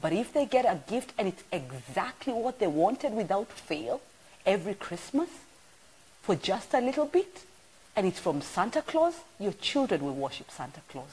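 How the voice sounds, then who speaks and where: A middle-aged woman with a Kenyan accent, preaching a sermon in an animated storytelling way that swings between loud and soft. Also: medium pitch, normal speed, breathy edge, low-quality recording. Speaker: pastor. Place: church broadcast.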